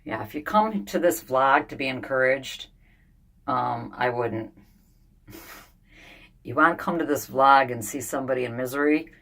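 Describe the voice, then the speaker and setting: An older woman vlogging in a sauna, thinking out loud in a blunt, candid, venting way. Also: very deep voice, moderate pace, pauses often. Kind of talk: casual vlog monologue.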